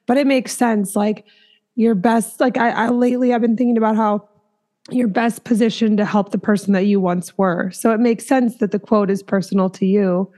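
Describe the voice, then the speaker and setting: A woman's voice: medium pitch, steady tone, moderate pace, warm tone. A woman podcast host from Minnesota, chatting casually and empathetically with a guest, with plenty of "like" fillers. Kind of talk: casual interview chat.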